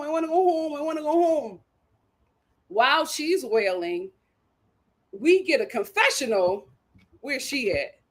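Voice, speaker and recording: Sassy high-voiced woman recapping reality TV. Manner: animated storytelling with sassy asides. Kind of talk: casual recap commentary.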